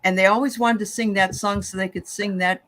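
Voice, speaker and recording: An older woman with a mid-pitched, everyday voice hosts a casual medium chat. She affirms her guests often with little murmurs and laughs. She relays messages in a plain, friendly way. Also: steady tone, a little fast, fairly bright tone. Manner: affirming listener, lots of mm-hmms, easy laughs. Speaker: host and medium.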